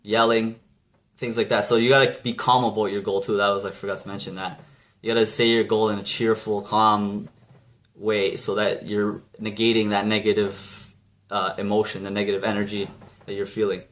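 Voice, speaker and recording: Low-voiced man giving a rambling pep talk. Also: flat delivery, moderate pace, a bit bright. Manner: rambling, blunt, with many restarts and mild swearing. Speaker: vlogger. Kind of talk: casual motivational talk to camera.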